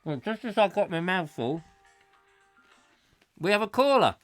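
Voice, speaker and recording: Lively, jokey male live-stream host. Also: sits high, measured pace, no echo, faint music behind. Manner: chatty, jokey, animated, laughs often. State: recovering from a cough. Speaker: host of a live call-in show. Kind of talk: rambling comic live-stream chat.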